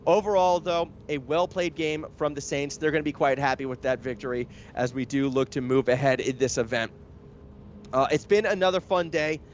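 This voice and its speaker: Esports caster with a lifted voice. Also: male voice, a little high, normal speed, lo-fi sound, slight background noise. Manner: chatty and analytical, speeds up in action. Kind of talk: live game commentary.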